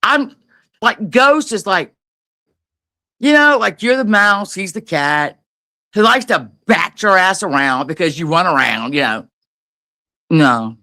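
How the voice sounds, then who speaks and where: Furious swearing woman, lively pitch. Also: takes it slowly, long pauses. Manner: profane, confrontational, taunting. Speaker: guest on a livestream. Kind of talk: angry livestream rant.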